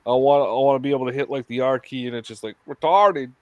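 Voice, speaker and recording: A man's voice: medium pitch, level tone, rapid-fire, mellow, dry recording, highs cut off. A man in a casual group chat who makes flippant, joking remarks.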